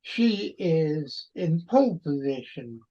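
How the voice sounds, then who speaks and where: A man's voice: fairly high pitch, sing-song, slow pace, mellow. A man, hosting a podcast and telling a story in a rambling, wry manner. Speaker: podcast host. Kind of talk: storytelling monologue. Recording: dull lo-fi recording.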